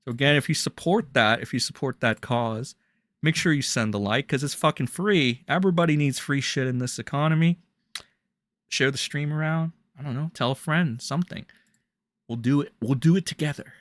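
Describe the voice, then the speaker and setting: A man's voice: mid-range voice, normal speed, dry recording. A young man ranting bluntly and crudely as a drama commentary streamer on a livestream. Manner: blunt, crude, ranting with sudden loud jumps.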